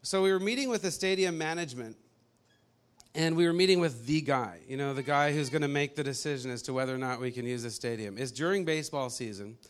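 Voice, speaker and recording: A man casually telling a personal faith story, animated and often laughing as he acts out what people said. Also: mid-range voice, fast talker.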